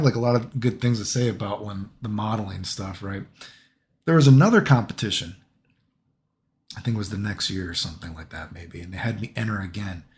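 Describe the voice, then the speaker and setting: A young man casually telling a long story, rambling and swearing, tagging lines with "right?" and "dude". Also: mid-range voice.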